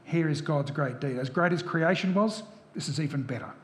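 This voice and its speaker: A man's voice: on the high side, fairly quick. A man preaching a sermon, often asking the listeners rhetorical questions. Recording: echoey hall from far off.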